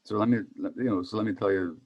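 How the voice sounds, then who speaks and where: Older male physician speaker, low-pitched, chatty lecturing style that poses questions to the listeners. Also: fast talker, darkish tone, highs cut off. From Hungary. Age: 70s. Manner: conversational, asks the audience questions. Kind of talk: public talk on trauma.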